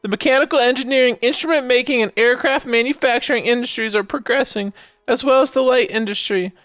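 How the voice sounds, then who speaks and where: An earnest young male time traveler, read by a man in a flat, dutiful read-aloud. His voice is smooth and clear, and it sounds dry and close. Soft music runs underneath. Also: very high voice, fast, no echo. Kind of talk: reading game dialogue aloud.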